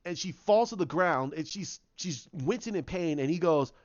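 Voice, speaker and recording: A man YouTuber casually retelling a story in a rambling, halting way, on a slightly dull, dry recording. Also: a little high, lively intonation, dry recording.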